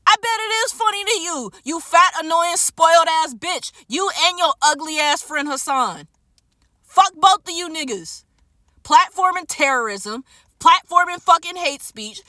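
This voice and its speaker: Furious woman ranting, high bright voice. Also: no echo, studio quality. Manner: furious, profane and emphatic; repeats phrases for stress. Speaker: streamer and vlogger. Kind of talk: unscripted angry rant to camera.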